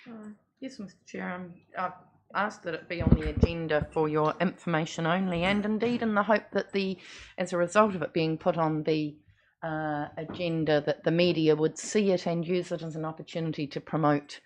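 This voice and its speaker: A woman presenting a report at a council meeting, measured and formal. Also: fairly low pitch, fairly even intonation, a little mellow, a little hiss or hum, poor audio.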